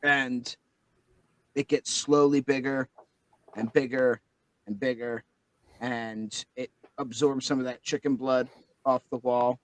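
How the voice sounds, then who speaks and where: Slow, rambling male game master. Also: mid-range voice, fairly even intonation, fairly bright tone, poor audio. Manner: loose, rambling description full of fillers. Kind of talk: narrating a tabletop game.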